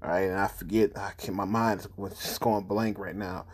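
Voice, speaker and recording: Brief: man, lowish voice, profane and indignant commentator, repeats himself for emphasis. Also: fairly even intonation, moderate pace. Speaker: commentator on news videos. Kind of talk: casual heated commentary.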